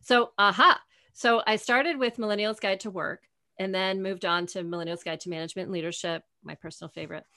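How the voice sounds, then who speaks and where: In a dry, close-sounding room, a woman in her forties talks as an interview guest. Her voice sits in a middle pitch, and her storytelling is animated, full of acted-out dialogue and frequent laughter. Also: brisk, dry recording. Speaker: guest, author. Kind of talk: conversational interview.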